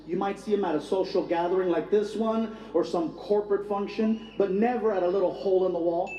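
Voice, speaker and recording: Animated stand-up comedian, echoey stage. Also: male voice, high-pitched, a little fast. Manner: animated storytelling with bursts of shouting.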